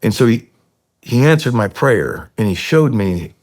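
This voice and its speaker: A middle-aged man from the United States appears as a podcast guest, telling an emotional personal story. He speaks earnestly and haltingly, with many fillers and restarts, in a mid-range, sing-song, slightly mellow voice.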